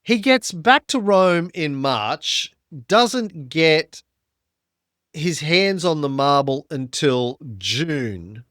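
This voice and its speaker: Male podcaster, bright high voice, lively swings, dry close sound. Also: very slow, dry recording. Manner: animated storytelling with put-on voices. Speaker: podcast host telling history. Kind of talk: comedic history podcast chat.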